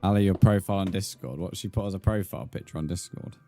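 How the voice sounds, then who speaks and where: A young British man, his voice sitting fairly low, banters easily with viewers during a live gaming stream. He is chatty and informal and calls people mate, with faint music playing underneath. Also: quick pace, dark tone. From Britain. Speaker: livestream gamer.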